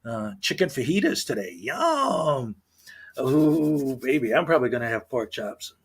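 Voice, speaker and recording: A man hosting a casual livestream, talking in a loose, rambling way. He is chatty and full of ums and restarts, and his voice sits at an ordinary middle pitch. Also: expressive, moderate pace, gravelly, slightly rough. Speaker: livestream host.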